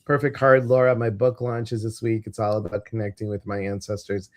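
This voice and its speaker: A man's voice: on the low side, level tone, a little fast. Middle aged guy hosting a live stream, chatty and jokey, says hi to folks by name. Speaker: host. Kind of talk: casual live-stream chat.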